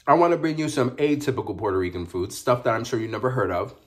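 A man's voice: mid-range voice, animated, fast talker. A man talking casually while eating on his food vlog, savoring each bite with frequent pleased murmurs. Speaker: mukbang vlogger.

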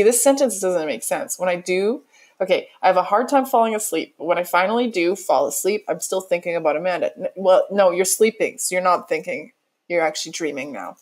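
A woman's voice: lowish voice, darkish tone, husky, low-quality recording. Sarcastic woman reading a game aloud. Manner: sarcastic, self-mocking ad-libs. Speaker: let's player. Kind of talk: reading game dialogue aloud with jokey asides.

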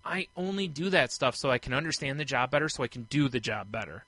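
A man co-hosting a casual podcast, telling animated stories and acting out the voices of the people he quotes. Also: mid-range voice, quick pace, no echo. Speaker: podcast co-host. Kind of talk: casual chat.

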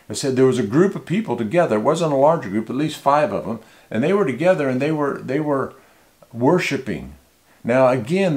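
In a mid-range, slightly mellow voice, a male pastor teaches a small church in a conversational, informal way. He frequently starts over and repeats himself as the sermon unfolds.

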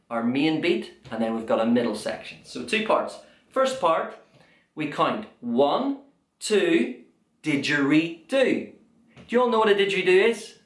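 A young man leading an energetic children's drum class, counting out loud and cheering the kids on. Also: on the high side. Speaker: drum workshop leader. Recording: echoey room with drum music.

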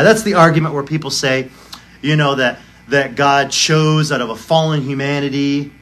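A man's voice: medium pitch, steady tone, moderate pace, fairly bright tone. A male pastor preaching a sermon, arguing emphatically and firing off rhetorical questions. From United States.

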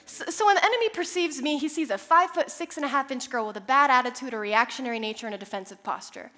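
A young woman preaching a sermon, telling a personal story with animated, self-deprecating humor. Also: sits high, fast. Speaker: church speaker.

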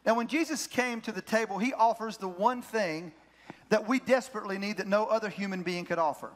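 In a church sanctuary, a pastor preaches a sermon with a high, fairly bright voice at a slightly fast clip. He tells a story with energy, repeating his key phrases for emphasis.

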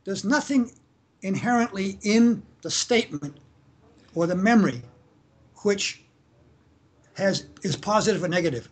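This family lawyer from Canada has a high, husky voice. He responds casually to interview questions, shouting out acted examples and restarting sentences haltingly.

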